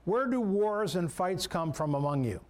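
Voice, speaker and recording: A man's voice: sits high, animated, moderate pace. A man preaching a sermon as a pastor, in a conversational way, often repeating words and restarting sentences.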